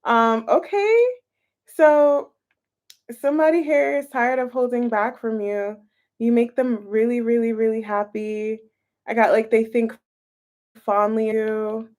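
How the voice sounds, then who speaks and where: A young woman with a slightly high voice speaks right into a phone camera held close. She runs a casual live tarot reading, chatting with viewers and musing aloud as she turns the cards. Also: measured pace. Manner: chatty and animated, reads chat aloud, thinks aloud over cards. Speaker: tarot reader streaming live.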